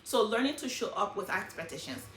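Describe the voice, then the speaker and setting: A middle-aged woman talking casually and emotionally about her life, in an animated, hyper way. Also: mid-range voice, fast, echoey room, slight background noise. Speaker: vlogger sharing life lessons. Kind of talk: casual personal talk.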